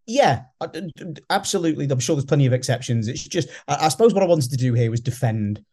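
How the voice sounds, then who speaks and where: A man's voice: on the high side, lively intonation, fast, mellow. A British man co-hosting a music podcast, talking casually with restarts and the odd sung snippet. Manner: rambling, restarts, sings snippets. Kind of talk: casual chat.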